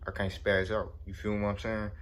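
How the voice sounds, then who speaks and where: A man's voice: lowish voice, monotone, normal speed, a little hiss or hum. A young man casually telling a story in slangy speech, often saying "you know what I'm saying". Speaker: storyteller vlogger.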